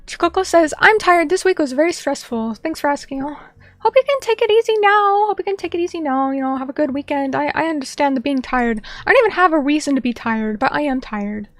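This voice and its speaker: A woman's voice: high-pitched, quick pace, few pauses, dry recording. A young adult woman streamer chatting casually with viewers, playful and rambling, with mock-indignant asides. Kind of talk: casual chat reading viewer messages.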